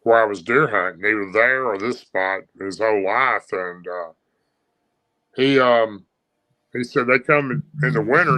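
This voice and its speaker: A man's voice: medium pitch, bright, forceful tone, no room sound, low-quality recording. A man with a Southern US accent, a guest telling a long story with many fillers and restarts. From Tennessee.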